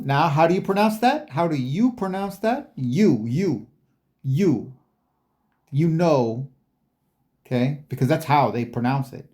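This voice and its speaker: A man's voice: medium pitch, a little mellow. A man giving casual commentary as he reads text from a screen, rambling and musing and repeating words aloud. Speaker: video creator.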